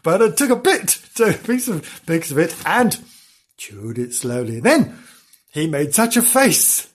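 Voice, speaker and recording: A man's voice: a little high, sing-song, measured pace, husky. A man reading a children's story aloud as a comedy host, breaking off for mocking asides.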